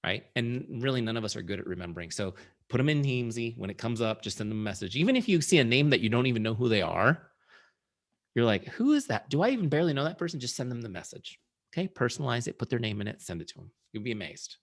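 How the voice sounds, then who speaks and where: A middle-aged man who is a founder and sales trainer, giving an energetic, conversational training talk and often checking in with his audience. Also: medium pitch, quick pace. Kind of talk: live training presentation.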